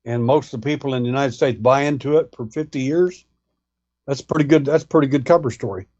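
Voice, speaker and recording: Recounting a lengthy story, a male guest who studies alien abductions speaks folksily and performs the voices of those he quotes. He talks fairly quickly in a mid-range, darkish voice, and the highs are cut off.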